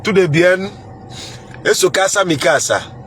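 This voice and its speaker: A playful man with a Nigerian accent chats live with his viewers, chuckling, repeating his words and trying out greetings. His voice sits a little high. Faint traffic noise hums behind him. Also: lively intonation, a little slow, a bit bright. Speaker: livestream host reading viewer comments. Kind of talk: casual live chat.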